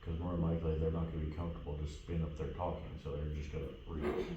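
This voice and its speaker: A man adding quick, offhand remarks in casual chat. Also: rumbling low, level tone, dark tone, dull audio, a little hiss or hum. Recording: echoey room, far from mic.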